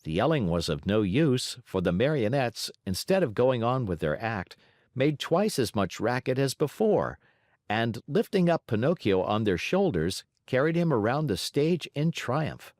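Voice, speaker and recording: A man narrating a classic children's story as an audiobook, in an expressive, varied delivery. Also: mid-range voice, measured pace, no room sound, studio quality.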